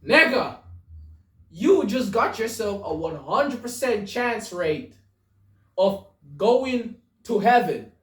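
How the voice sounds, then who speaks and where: A woman's voice: medium pitch, very animated, takes it slowly, far from the mic. A woman hosting a podcast, commenting crudely on jokes, stammering and laughing, in an echoey room away from the mic. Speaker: podcast host. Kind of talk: casual joke commentary.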